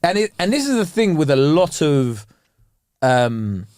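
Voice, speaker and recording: A young man co-hosting a casual podcast chat, slangy and quick to laugh. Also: a little high, clear, resonant tone, no room sound, studio quality. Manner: animated, slangy, laughs often. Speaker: podcast co-host.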